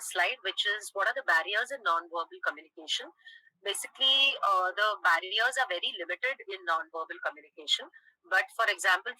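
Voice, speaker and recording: A woman teacher lecturing a class, checking in with "okay?" and pausing on "uh". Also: medium pitch, pushed and bright, no room sound, low-quality recording. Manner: explains with frequent "okay?" check-ins and "uh" pauses.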